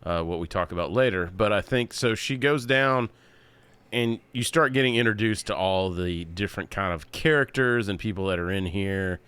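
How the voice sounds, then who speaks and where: A man co-hosting a film podcast, chatting casually and cursing freely. His voice is deep and smooth. He talks with animated energy. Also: normal speed, dry recording. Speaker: podcast co-host. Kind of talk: casual chat.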